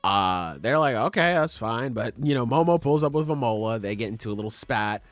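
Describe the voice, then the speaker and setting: A man with a lowish, animated voice speaks a little fast in a dry recording. As a podcast co-host, he swears his way through easygoing manga chapter recaps, offhandedly acting out the characters.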